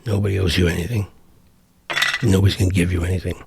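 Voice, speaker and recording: A man's voice: deep voice, flat delivery, quick pace, vocal fry, a little mellow, slight background noise. A middle-aged man giving a profane, exasperated vlog rant, rambling with frequent restarts. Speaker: vlogger. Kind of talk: ranting commentary vlog.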